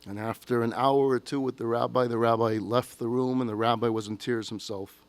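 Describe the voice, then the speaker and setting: A man, a rabbi, telling a story in a sermon with an expressive, emotive delivery. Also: mid-range voice, fairly quick.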